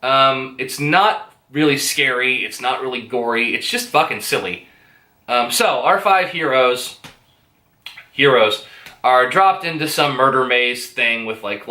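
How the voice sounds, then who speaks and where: A man's voice: medium pitch, bright, forceful tone, reverberant. A man giving a rambling, profane, hesitant movie review full of fillers. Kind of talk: casual spoken movie review.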